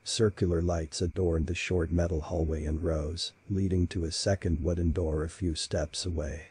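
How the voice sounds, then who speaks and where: Male horror narrator, very deep and dark-toned, slow and dramatic. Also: level tone, slightly rough, no room sound. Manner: slow, measured, dramatic reading.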